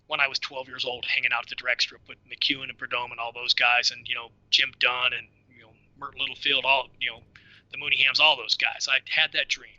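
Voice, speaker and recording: A middle-aged man with a strikingly bright, forceful voice tells casual stories, joking at his own expense. The sound is dry and close, but dull and lo-fi. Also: medium pitch, dry recording. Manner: lively, laughing, self-deprecating storyteller. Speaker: podcast guest. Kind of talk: casual storytelling.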